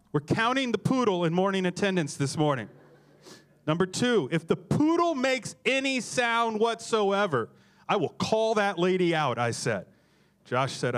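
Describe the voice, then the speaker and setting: Middle-aged male pastor, sermon storyteller, wry and joking, slightly raised pitch. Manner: humorous, self-deprecating anecdotes.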